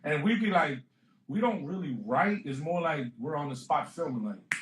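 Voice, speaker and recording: Here a guest comedian with a highish, brisk voice chats casually in an interview, acting out quotes and laughing often as he tells stories. There's background noise, and the room is echoey.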